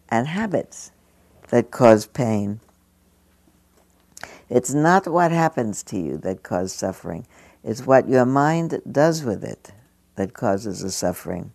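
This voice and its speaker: A woman past seventy gives a dharma talk, telling stories in an easy conversational way and chuckling often. Her voice sits very low with a gravelly fry. The sound is dry, with little room around it. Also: a little mellow, dry recording. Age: over 70. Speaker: meditation teacher. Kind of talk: dharma talk to a live audience. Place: meditation hall.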